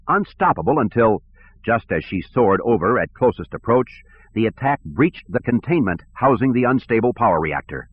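A man narrating an audiobook in a steady, measured way, on a tinny recording. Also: on the low side. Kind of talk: scripted narration. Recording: tinny phone-like sound.

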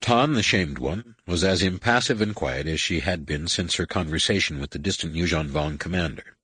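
A man narrating an audiobook with an expressive, varied delivery. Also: sits low, moderate pace, slightly rough, no room sound. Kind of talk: scripted narration.

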